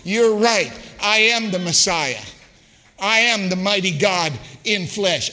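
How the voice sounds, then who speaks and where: A man preaching a sermon as a guest preacher, impassioned and rhythmic, rising to shouts, in a church. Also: sits high, animated, takes it slowly, long reverb tail. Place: church sanctuary.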